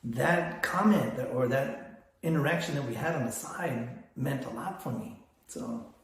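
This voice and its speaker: An older man talks in a loose, rambling vlog monologue, often restarting his sentences. His pitch sits in the middle range, and the room around him is heavily echoey. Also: a little slow. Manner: rambling, storytelling with many restarts. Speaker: photography business vlogger.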